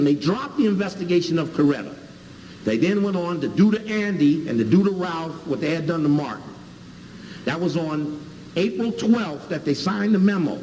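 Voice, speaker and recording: A man's voice: a little high, expressive, normal speed, warm tone, a little hiss or hum. A man from Chicago giving an emphatic lecture with video clips, spelling out and repeating key words. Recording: hall reverb, faint ambience.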